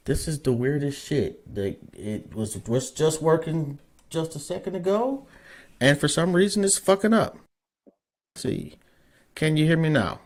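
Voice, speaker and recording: A man's voice: fairly high pitch, expressive, unhurried, a little mellow. A man hosting a podcast interview over a remote call, casual and profane, repeatedly checking whether his guest can hear him. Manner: loose and profane, frustrated with tech trouble. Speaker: podcast host.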